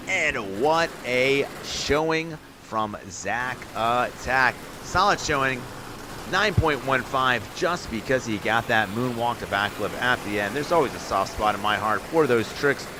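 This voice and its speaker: A man streaming and giving quick, upbeat live commentary on viewer runs in a game, calling scores and turn order. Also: medium pitch, expressive, noisy background. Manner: upbeat, quick hype calls with laughs.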